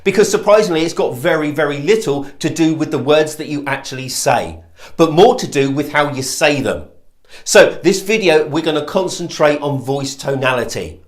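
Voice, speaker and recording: A man's voice: fairly high pitch, animated, moderate pace. A man giving an emphatic lesson on sales calls, stressing key words and demonstrating voice tones. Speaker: sales trainer. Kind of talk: instructional talk to camera.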